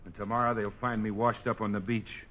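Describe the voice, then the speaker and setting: A man's voice: lowish voice, little pitch movement, a little fast. A man speaking in a brash, boastful, mock-indignant way in a 1940s radio comedy. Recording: very hissy lo-fi vintage radio recording.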